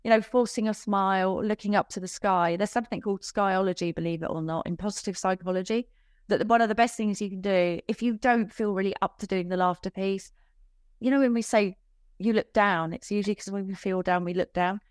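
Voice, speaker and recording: A woman's voice: mid-range voice, fairly even intonation, a little fast, clear, resonant tone, no room sound. Woman coach chatting on a podcast, laughs a lot, goes off on little tangents, dry close sound. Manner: chatty, laughs easily, self-deprecating asides. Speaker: business coach guest. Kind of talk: casual podcast interview.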